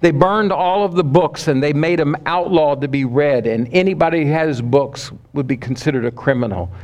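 A male preacher delivering a sermon, telling a story dramatically and often dropping to a hushed, low voice. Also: normal speed.

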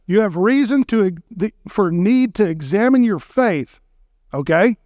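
A man preaching a sermon as a guest speaker, emphatic and often checking in with his listeners, slowing down to recite hymn and scripture lines. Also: high-pitched, animated, darkish tone, no echo, clean studio sound.

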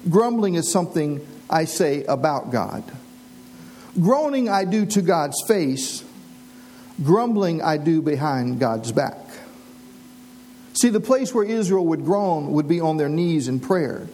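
A man preaching a sermon as pastor, earnest and slowing down to read scripture aloud. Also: high voice, warm tone, a little hiss or hum, poor audio.

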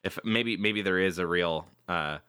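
A man's voice: sits low, a little slow, bright, forceful tone, smooth, no room sound. Brief: male podcast co-host, laughs easily, hedging restarts, dry close-mic sound. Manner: joking, laughs often, hedges and restarts. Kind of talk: casual chat.

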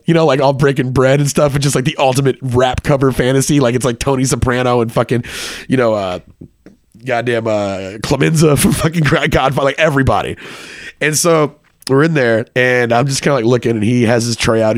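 Dude telling a story, casual and cussing, says like a lot, dry close sound. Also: male voice, mid-range voice, no echo. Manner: casual, heavy swearing, lots of filler "like". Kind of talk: personal storytelling.

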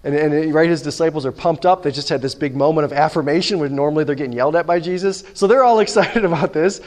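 A man's voice: fairly high pitch, quick pace, darkish tone. A man preaching a sermon, telling stories animatedly and acting out the dialogue himself. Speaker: pastor. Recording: long hall reverb.

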